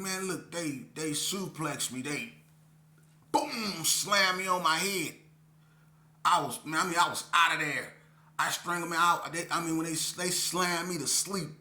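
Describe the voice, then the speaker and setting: A middle-aged man tells his story in a loose, emphatic monologue, leaning into warnings like a street preacher. His voice is bright and forward, and it rings in a roomy, echoing space. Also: a little high. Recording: echoey room.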